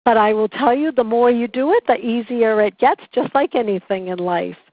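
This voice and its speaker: Woman trainer leading a webinar, calm, earnest teaching manner; thin phone-quality recording with no room sound. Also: on the high side, moderate pace, no echo. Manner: calm, earnest, instructive storytelling. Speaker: patient relations coordinator teaching a class. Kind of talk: webinar presentation. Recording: tinny phone-like dry recording.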